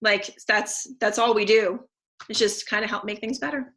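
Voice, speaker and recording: Bright, chatty woman sharing her story. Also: medium pitch, fairly even intonation, moderate pace. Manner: chatty and effusive, many fillers and restarts. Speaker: teacher and essential oils seller. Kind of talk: casual testimonial talk.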